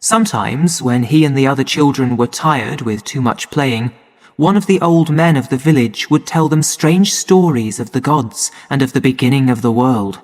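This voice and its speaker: A man narrating a story for English learners in a slow, clear and measured way. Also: medium pitch. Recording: long hall reverb.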